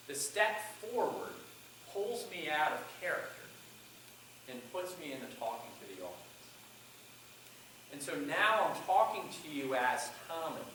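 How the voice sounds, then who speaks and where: A man's voice: mid-range voice, pushed and bright, slight background noise. A man giving a college class on public speaking, who acts out lines from his own speech as he breaks it down. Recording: echoey classroom from far off.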